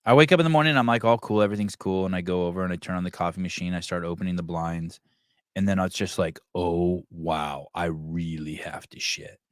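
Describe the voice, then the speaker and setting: A man's voice: deep voice, racing, clean tone, dry recording, studio quality. A man hosting a podcast, chatting casually in a crude, joking way and laughing often. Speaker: podcast host.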